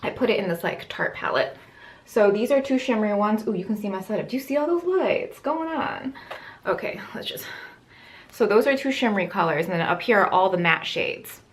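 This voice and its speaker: A woman's voice: mid-range voice, lively intonation, fairly quick. Chatty woman rambling through beauty products. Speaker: beauty vlogger. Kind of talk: casual makeup vlog talk. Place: home, indoors at her makeup setup.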